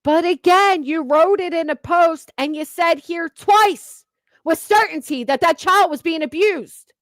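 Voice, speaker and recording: A woman's voice: very high-pitched, measured pace, no room sound. A woman hosting reaction commentary, cursing and ranting with sarcasm. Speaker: commentary channel host.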